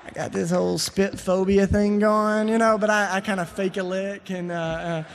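A man's voice: high-pitched, steady tone, moderate pace, big-room sound, a little hiss or hum. A middle-aged man giving a sermon, telling stories and building to emphatic preaching. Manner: storytelling, rising to emphatic preaching. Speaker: speaker.

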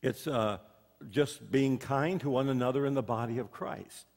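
A man's voice: mid-range voice, moderate pace, creaky, a little mellow. A man preaching a sermon as pastor, telling folksy stories and asking the congregation questions. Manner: folksy storytelling with rhetorical questions. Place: church sanctuary. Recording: long hall reverb.

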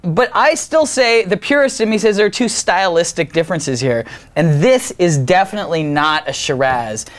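A man's voice: high voice, lively intonation, normal speed, few pauses, fairly bright tone. A man co-hosting a casual wine tasting chat, enthusiastic and opinionated, laughing easily as he talks. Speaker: wine reviewer, co-host.

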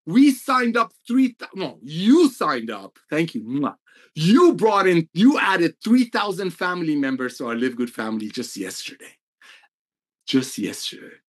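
A man who is a company executive, giving an emotional, excitable motivational update and repeating figures for emphasis. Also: high-pitched. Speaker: network marketing company executive.

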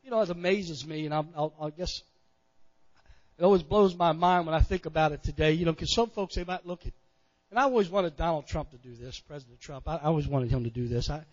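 Preaching fast, this high-voiced pastor peppers his sermon with folksy amens and builds to loud bursts on important lines. Long reverb from the sanctuary fills the dull, muffled recording.

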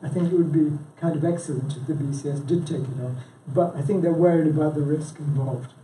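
Pitched a little high and fairly even in intonation, the man's warm voice moves briskly as he chairs a local branch, presenting casually and quizzing the room. Chatty and self-interrupting, he keeps saying "yeah?" and "you know". He's far from the mic in an echoey meeting room with a live audience, with a little hiss or hum.

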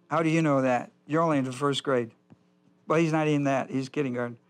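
A man's voice: mid-range voice, fairly even intonation, fairly quick. An older man teaching a Bible study as pastor, folksy and digressive, often repeating himself. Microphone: whiteboard lecture in a church.

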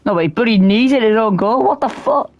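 A man reacting live to a football video game, excitable and cursing at every miss. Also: high voice, a little fast. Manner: excitable, swears and shouts at the game. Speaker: gamer.

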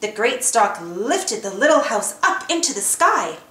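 A woman narrating a children's storybook aloud in an expressive storytelling manner. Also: on the high side, unhurried, reverberant. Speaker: storybook reader.

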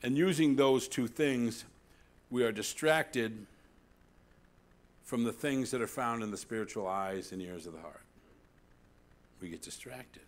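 A man preaching a sermon as pastor, animated, swinging between loud emphasis and hushed asides, often asking the congregation "See?". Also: medium pitch, a little slow, pauses often.

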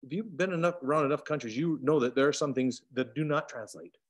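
A man teaching an online Bible study over a video call, animated, swinging between loud emphatic bursts and quiet asides. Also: a little high, fast.

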